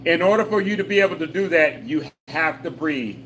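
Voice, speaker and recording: A senior fitness instructor, sounding fairly high, animated, brisk and a bit bright, takes a live class through patient, repetitive step-by-step call-and-response cues and folksy jokes. The low-quality recording has a little hiss or hum.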